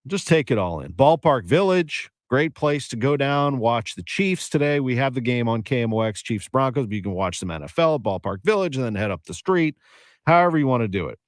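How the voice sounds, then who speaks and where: A man's voice: medium pitch, big pitch swings, brisk, dry recording. Man, St. sports radio host; casual, wry, dry close studio sound. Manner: chatty, laughs easily, wry. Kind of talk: casual radio show wrap-up. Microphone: studio microphone.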